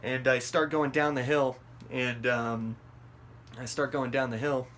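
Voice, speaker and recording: A man's voice: mid-range voice, measured pace, a little hiss or hum. A man telling a wild story in a loose, rambling way, swearing often and piling up fillers. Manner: rambling and profane, many fillers and restarts; animated, voice jumps up when acting out his own panic. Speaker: vlog host telling a story. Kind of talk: casual storytelling.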